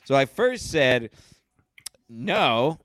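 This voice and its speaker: Animated, swearing male storyteller. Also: a little high, fairly quick, dry recording, studio quality. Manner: animated, profane, laughs while telling stories. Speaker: podcast co-host. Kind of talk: casual chat, storytelling.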